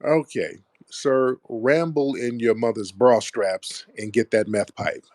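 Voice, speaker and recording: A man's voice: medium pitch, slow pace, a little mellow, dry recording. A man hosting a call-in talk show, laughing and cursing as he mocks what he talks about. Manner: laughing, profane, mocking. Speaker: show host.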